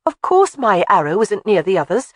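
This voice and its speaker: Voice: mid-range voice, sing-song, dry recording, studio quality, voice pushed up. A narrator voicing a courageous young bride who snaps back and argues with her husband, in a storybook reading. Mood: tart. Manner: quick to snap back, argumentative.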